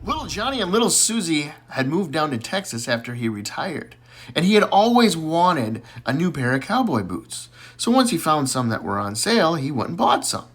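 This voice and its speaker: Man, folksy joke teller, animated pitch, casual delivery. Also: normal speed. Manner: folksy storyteller, plays each character with a raised voice.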